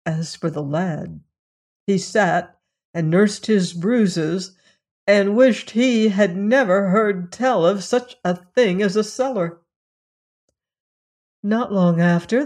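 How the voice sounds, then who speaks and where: Slow storybook narrator, measured and even, for a fairy-tale reading. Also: mid-range voice.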